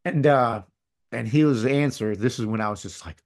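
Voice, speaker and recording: A middle-aged man telling a personal story as a podcast guest, candid and rambling, his voice dropping to a hush and rising again. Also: medium pitch, very animated, normal speed, pauses often. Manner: candid, rambling, swings between loud and hushed. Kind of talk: casual storytelling.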